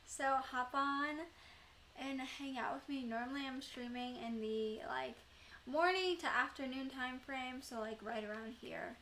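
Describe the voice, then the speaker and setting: Young woman streaming, chatty n rambly, high bright voice, slow easygoing talk. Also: a little hiss or hum. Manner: chatty, rambling, many fillers and laughs. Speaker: live streamer. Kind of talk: casual chat with live chat viewers.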